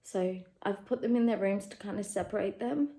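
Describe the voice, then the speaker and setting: Chatty Australian mum vlogging from home. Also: female voice, mid-range voice, a little fast, low-quality recording. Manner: candid and chatty, turns quiet and emotional about parenting. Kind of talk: casual chatty life update. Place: at home, in her living room.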